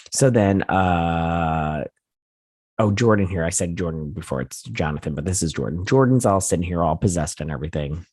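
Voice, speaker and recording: A man's voice: deep voice, lively intonation, normal speed, a little mellow, no echo, studio quality. A sleepy man hosting a TV review channel, casually retelling an episode in a rambling, self-correcting way and often unsure of details. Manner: rambling, loose retelling full of "he's like" and "and everything". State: sleepy, yawning.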